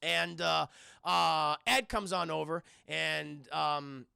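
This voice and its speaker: High, gravelly-voiced man recapping a film. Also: slow, no echo, studio quality. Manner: animated, profane, acts out character lines. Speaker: film reviewer streaming to live chat. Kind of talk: casual scene-by-scene film recap.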